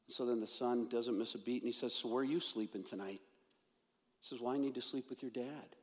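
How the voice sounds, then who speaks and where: A man's voice: medium pitch, steady tone, a little fast. A man preaching a sermon as pastor, earnest, repeating key phrases for emphasis. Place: church sanctuary. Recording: long hall reverb.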